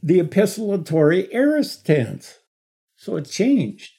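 A middle-aged man teaching a Bible study lecture, explaining slowly and stressing key words with emphatic repetition. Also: high-pitched, wildly swooping pitch, gravelly, warm tone, breathy edge.

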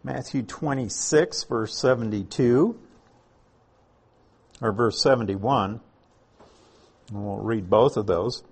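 A man delivering a Bible-teaching sermon at an unhurried, deliberate pace. His voice has a husky edge and sits in an ordinary middle register. He reads passages aloud and then unpacks them with rhetorical questions. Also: mid-range voice. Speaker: pastor teaching scripture. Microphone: uses slides while speaking to a congregation.

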